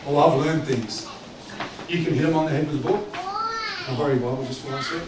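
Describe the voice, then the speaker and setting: Joking pastor in an echoey church. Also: male voice, fairly high pitch, fairly quick. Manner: animated, joking, conversational preaching. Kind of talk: sermon. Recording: echoey church hall from a distance with background noise.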